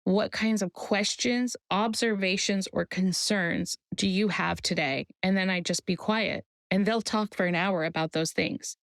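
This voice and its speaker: A woman who works in maternity care, talking in a podcast interview and telling stories in a measured, deliberate way. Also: medium pitch, creaky, no echo. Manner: measured storyteller, slow deliberate phrasing. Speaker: guest, maternity care provider.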